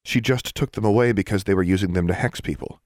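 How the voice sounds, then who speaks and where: A man's voice: lowish voice, fast talker, a little mellow, dry recording, studio quality, lightly acted. A man doing a polite earnest schoolgirl.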